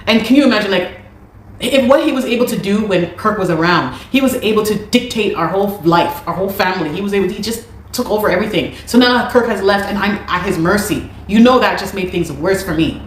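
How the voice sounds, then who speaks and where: A woman's voice: mid-range voice, expressive, fast, roomy sound, a little hiss or hum, poor audio. A woman telling her own story to camera in an emphatic, indignant way, repeating her key points.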